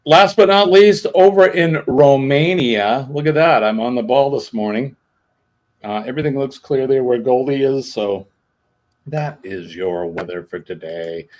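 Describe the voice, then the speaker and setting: A man's voice: medium pitch, measured pace, darkish tone. A man hosting a casual livestream, rambling with lots of ums and uhs. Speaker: livestream host. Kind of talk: casual live chat.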